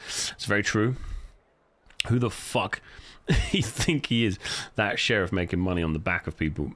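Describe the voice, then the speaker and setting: A man's voice: lively intonation, moderate pace, pauses often, fairly bright tone. A man hosting a livestream, ranting angrily and swearing heavily. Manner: angry, swearing heavily, voice jumping in pitch. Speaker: livestream host. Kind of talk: heated livestream rant.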